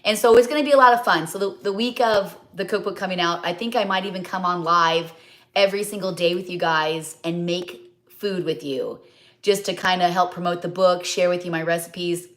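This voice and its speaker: A woman's voice: lowish voice, a little fast. Chatty woman hosting a live cooking stream. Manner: chatty and rambling, many fillers and asides. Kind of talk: casual live cooking chat.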